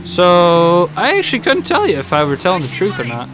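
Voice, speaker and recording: A man live streaming a video game, chatting casually, rambling and joking with sudden loud outbursts. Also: sits high, wildly swooping pitch, a little fast, background noise.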